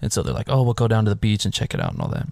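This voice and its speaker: Low-voiced man recapping a movie casually. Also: racing, gravelly, no room sound, clean studio sound. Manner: animated storytelling, swears freely, acts out his own reactions. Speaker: podcast co-host recapping a film. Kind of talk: casual chat.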